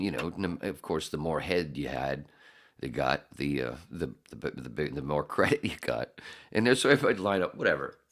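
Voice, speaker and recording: A podcast host with an extremely low voice tells a rambling, profane story in casual chat, getting animated as he acts it out. There is slight background noise.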